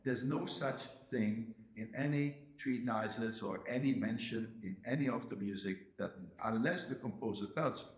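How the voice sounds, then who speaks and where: A man with a Hungarian accent coaching a pianist in a masterclass, emphatic and checking in with "yes?". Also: medium pitch. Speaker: piano teacher giving a masterclass. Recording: roomy hall with piano playing.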